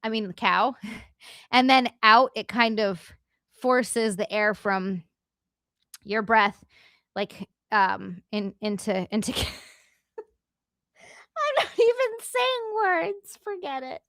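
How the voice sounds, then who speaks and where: A woman hosting a casual livestream, chatting with viewers and talking through a yoga stretch, playful and quick to swear. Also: medium pitch, pushed and bright, dry recording, clean studio sound. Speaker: livestream host. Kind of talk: casual livestream chat with exercise demo. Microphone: headset.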